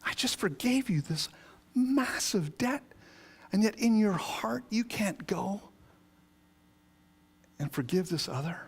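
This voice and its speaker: A man voicing a stern male king who rebukes a servant in a low, incredulous tone. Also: animated, slow pace, long pauses, slightly rough, exaggerated voice. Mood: scolding.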